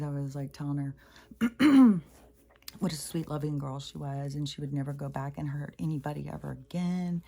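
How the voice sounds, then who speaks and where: A middle-aged woman rambling through a personal spiritual story. She swears freely and acts out quotes with sudden high pitch jumps. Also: mellow, slightly rough. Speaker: spiritual vlogger.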